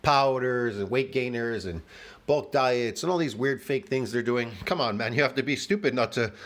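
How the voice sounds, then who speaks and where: A man's voice: mid-range voice, moderate pace, fairly bright tone. A man hosting a reaction video, mocking a clip with sarcastic commentary and laughing at his own jokes. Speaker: reaction channel host.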